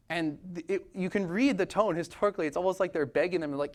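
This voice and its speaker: A man preaching a sermon as pastor, talking in a conversational, animated way with casual asides. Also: sits high, quick pace, hardly any pauses. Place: church sanctuary.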